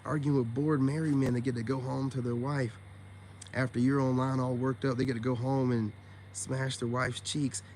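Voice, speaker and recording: A man's voice: mid-range voice, flat delivery, normal speed, a little mellow, a little hiss or hum. Blunt, profane man ranting on a livestream. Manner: blunt and profane, addresses viewers directly; filler-heavy, repeats "man" and "you know what I'm saying". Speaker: online self-help streamer. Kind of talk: casual livestream rant.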